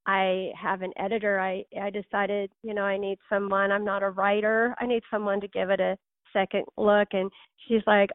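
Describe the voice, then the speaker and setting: A woman's voice: medium pitch, flat delivery, moderate pace, no echo, phone-quality sound. A woman author, a guest on a podcast interview, telling her story in a heartfelt, emotional way.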